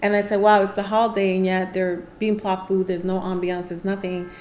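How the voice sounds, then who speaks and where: A woman's voice: medium pitch, a little fast, slight background noise. A woman, a guest on a podcast, telling stories in a casual chat and acting out the voices of people she quotes. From New York City. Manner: animated storyteller, acts out quoted voices. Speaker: podcast guest, nonprofit founder. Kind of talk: casual interview storytelling.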